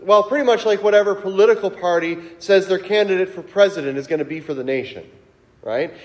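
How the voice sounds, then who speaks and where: A man's voice: high-pitched, fairly quick, a little mellow, long reverb tail. A man preaching a sermon as pastor, in a conversational storytelling way that builds to emphatic peaks. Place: church sanctuary.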